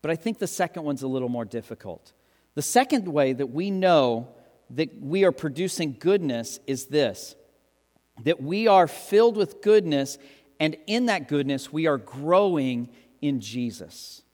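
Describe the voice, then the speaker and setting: Animated pastor preaching in a reverberant hall. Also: male voice, unhurried. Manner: animated, joking, acts out quotes with big pitch jumps. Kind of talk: sermon. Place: church hall with long reverb. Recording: reverberant hall, live sermon.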